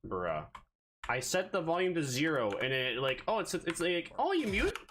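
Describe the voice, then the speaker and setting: A man's voice: on the high side, big pitch swings, normal speed, background noise. A man streaming live, chatting casually and rambling playfully to himself, a bit out of breath.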